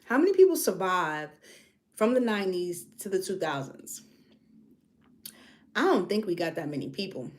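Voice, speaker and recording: A woman's voice: lowish voice, big pitch swings, moderate pace, pauses often. A woman from New York with a New York accent, chatting casually on a livestream and reading comments, drifting between topics. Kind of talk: casual chat.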